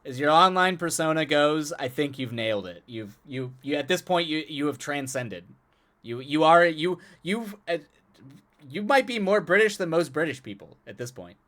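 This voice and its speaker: A man's voice: fairly high pitch, expressive, moderate pace, a bit bright. Chatty man streaming live to viewers. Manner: chatty, laughs often, repeats words and restarts. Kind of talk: casual chat with stream viewers.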